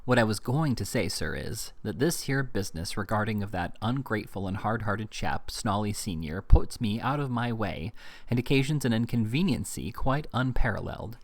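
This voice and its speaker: A man's voice: on the low side, expressive, normal speed, dry recording. A man reading as a crude, evasive schoolmaster. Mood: uneasy. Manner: evasive, pleading, fidgety. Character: crude, uneasy male schoolmaster.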